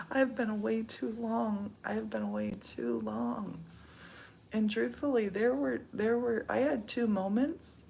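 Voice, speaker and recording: A woman's voice: mid-range voice, vocal fry, darkish tone, slight background noise. A middle-aged woman from the United States chatting casually, laughing often and slipping into whispers. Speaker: vlogger. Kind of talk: casual chat.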